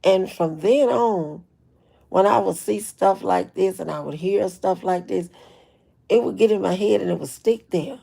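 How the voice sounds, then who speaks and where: Woman, AAVE speech, very gravelly, dark mellow tone, blunt live-stream commentary. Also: medium pitch, measured pace. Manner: blunt, emphatic, repeats herself; greets chat viewers by name. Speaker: livestream host.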